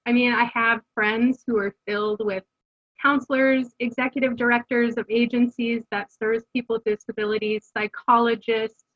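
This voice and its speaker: This interview guest, a middle-aged homeschooling mother, has a fairly high, level voice and talks at normal speed. She narrates her family's story candidly and earnestly, with fillers and restarts, while the recording's highs are cut off.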